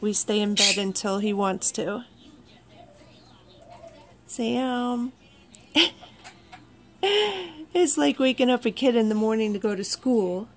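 Woman at home with a slow, gravelly voice, chatting to her pets, all soft and doting. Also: fairly high pitch. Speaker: pet owner vlogger. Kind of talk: casual talk to pets and viewers. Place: at home indoors, early morning.

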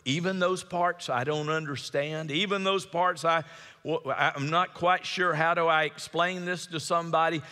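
A middle-aged man preaching a sermon as pastor, emphatic and repetitive, swinging between loud exhortation and hushed earnest tones. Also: on the high side. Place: church sanctuary. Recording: long church reverb.

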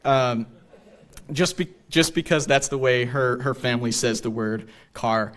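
A man's voice: mid-range voice, steady tone, a little slow, fairly bright tone. A man from the Greater Boston area giving a public history lecture on a theater stage, explaining step by step and often checking in with "right?".

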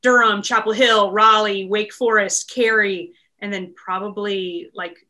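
A woman's voice: mid-range voice, steady tone, unhurried, pushed and bright. A woman in her thirties from Maryland, chatting in an interview about her work as a real estate team leader, upbeat and full of laughs and fillers. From Maryland, USA. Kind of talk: casual interview chat.

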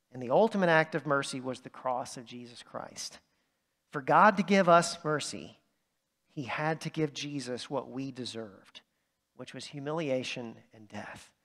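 A man's voice: fairly high pitch, a bit bright. Man, sermon, chatty storytelling, reverberant sanctuary. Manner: conversational storytelling with fillers. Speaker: pastor. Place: church sanctuary. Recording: long reverb of a large church.

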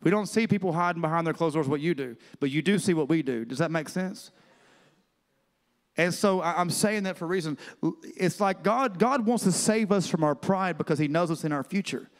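A man's voice: fairly high pitch, fairly quick. A man preaching a sermon as pastor, talking conversationally and calling out to his congregation. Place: church sanctuary. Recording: reverberant church hall.

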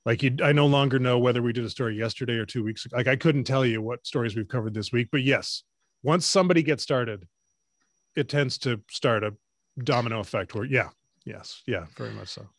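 A man's voice: mid-range voice, fairly quick, no room sound, studio quality. A man, a radio co-host who is a guest here, rambling and correcting himself as he tells stories over a video call. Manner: rambling, self-correcting storyteller. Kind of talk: casual talk in a webinar.

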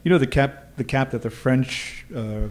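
A man's voice: medium pitch, moderate pace. A man with a Hawaiian accent who tells ghost-tour stories in a laid-back, dry-humored way during a casual chat recorded live in a bar. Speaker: ghost tour guide and storyteller.

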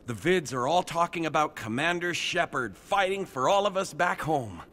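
An actor playing an eager young male fan, gushing and excited. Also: fairly high pitch, moderate pace, a little hiss or hum.

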